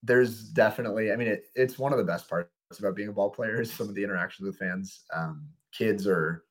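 A young man, a minor league pitcher, telling stories in a casual podcast interview with frequent fillers. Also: brisk. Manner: relaxed, rambling storyteller with frequent fillers.

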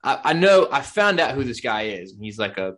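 A man's voice: medium pitch, very animated, brisk, a bit bright. A man telling a long, rambling story in casual podcast chat, acting out what people said. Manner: rambling storyteller, acts out quotes.

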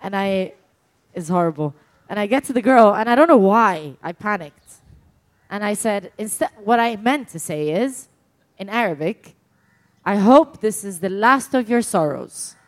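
A woman casually telling an embarrassing story in a chat, animated and laughing often as she talks. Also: medium pitch, moderate pace.

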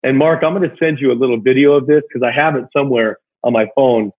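Husky guy on a tinny phone line, rambling emotional story, lots of ums and likes. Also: mid-range voice, quick pace. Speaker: guest, former big-league pitcher. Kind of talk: casual storytelling chat.

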